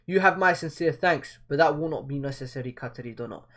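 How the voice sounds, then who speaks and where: A man's voice: fairly high pitch, fast, fairly bright tone, close to an everyday voice. A man reading the lines of an earnest, proud male general rallying his troops in a formal, resolute manner.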